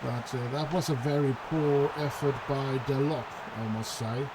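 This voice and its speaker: A man's voice: medium pitch, moderate pace, noisy background. A man casually commenting as he plays a football management game, hesitant and chatty, perking up when chances come. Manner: chatty, hesitant, with bursts of excitement at goals. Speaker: gaming YouTuber. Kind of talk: casual let's-play commentary.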